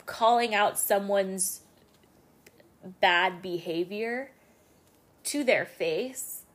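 A woman's voice: mid-range voice, extremely slow. A young woman co-hosting a casual recap chat, laughing often and hedging her opinions. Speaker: podcast co-host.

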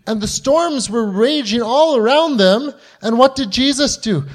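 A man with a high voice preaching to his congregation. He talks earnestly and acts out the quoted voices in the stories he retells. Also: lively intonation, moderate pace, hardly any pauses. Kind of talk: sermon.

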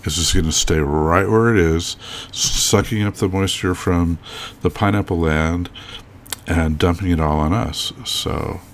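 Deep-voiced man rambling on a podcast. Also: a little slow, slight background noise. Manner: rambling, joking, many restarts. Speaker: podcast co-host. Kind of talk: casual chat.

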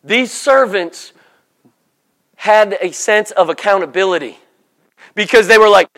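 A man preaching a sermon, animated, slipping into mock voices for the people he describes. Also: high-pitched, measured pace, long pauses.

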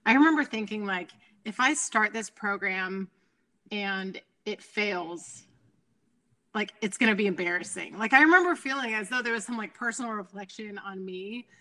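Chatty, animated woman guest. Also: mid-range voice, moderate pace. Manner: animated, chatty, laughs often, many fillers. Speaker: guest, nonprofit founder. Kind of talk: casual interview chat.

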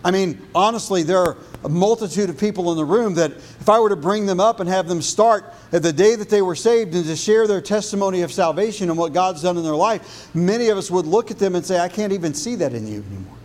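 High-voiced pastor preaching. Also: male voice, brisk, few pauses. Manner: rhythmic preaching, repeating phrases, dropping low and soft for emphasis. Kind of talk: sermon.

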